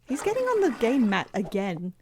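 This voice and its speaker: A woman's voice: fairly high pitch, wildly swooping pitch, moderate pace, darkish tone, a little hiss or hum. A woman streaming a game live, chatting casually with viewers, laughing often and poking fun at herself. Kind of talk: casual livestream chat.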